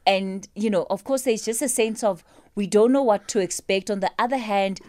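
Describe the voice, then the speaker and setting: A woman hosts a radio program from the studio, cheerful and talkative as she winds her way through long questions. Her voice sits at an ordinary middle pitch, caught close and dry on a studio microphone. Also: normal speed, darkish tone, no echo. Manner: chatty, cheerful, asks long rambling questions. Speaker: radio show host.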